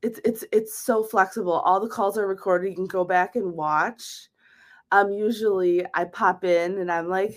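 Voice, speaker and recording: An upbeat woman with a Wisconsin accent talks on a video call, earnest and eager, repeating words as she goes. Her pitch sits in the middle of the range. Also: fairly even intonation, normal speed. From United States. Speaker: teacher and course member. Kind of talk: casual video call chat.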